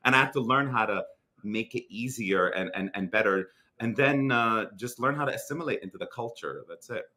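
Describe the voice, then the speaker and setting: A young adult man from Lebanon with a Lebanese accent, talking as an interview guest in an animated, casual way with many restarts and fillers. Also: medium pitch, brisk.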